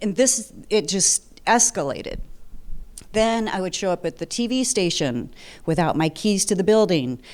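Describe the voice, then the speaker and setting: A woman's voice: on the low side, expressive, unhurried, darkish tone. A woman in her fifties from the Detroit area, telling her personal story at a seminar in a chatty, humorous way. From Detroit area, USA. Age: 50s.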